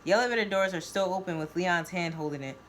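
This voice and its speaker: A woman reading a first-person novel aloud, expressive and voicing each character. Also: lowish voice, quick pace, a little hiss or hum. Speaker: reader of her own novel.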